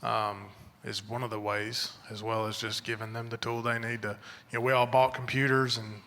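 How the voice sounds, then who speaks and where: A man's voice: medium pitch, flat delivery, moderate pace, pushed and bright. A man in the audience answering a question from the floor, speaking in a hesitant way while searching for words. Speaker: audience member. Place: large conference hall. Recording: distant voice in reverberant hall.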